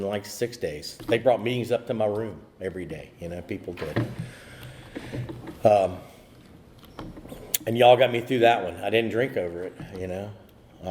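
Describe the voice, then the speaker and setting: A man's voice: on the low side, darkish tone, a little hiss or hum. A man telling his recovery story at a meeting, rambling with many fillers and restarts. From USA. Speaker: AA speaker. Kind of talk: personal recovery talk.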